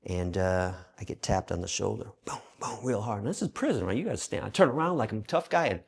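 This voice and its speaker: Gravelly man in his fifties, animated storyteller. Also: fairly low pitch, fast talker. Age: 50s. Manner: animated, profane storytelling with acted quotes. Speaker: interview guest. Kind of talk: storytelling in a conversational interview.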